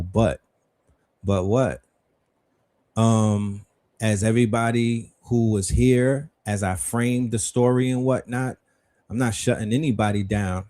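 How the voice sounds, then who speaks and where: Mellow-voiced man hosting a livestream. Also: on the low side. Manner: rhetorical, questioning, profane. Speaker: livestream host. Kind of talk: livestream commentary.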